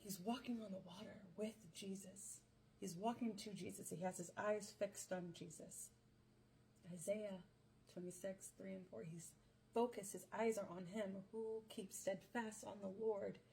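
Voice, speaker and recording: A young woman podcast host retelling a Bible story casually, playful and full of slang and quick joking asides. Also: medium pitch, steady tone, vocal fry, dark tone, slight background noise.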